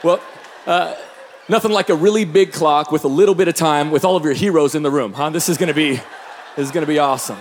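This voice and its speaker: A pastor from the Pacific Northwest preaching a sermon, telling stories with bursts of shouting. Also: male voice, fairly high pitch, fast, a little hiss or hum. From Pacific Northwest, Tacoma, Washington. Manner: energetic storytelling, bursts of shouting. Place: large church hall. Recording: long hall reverb.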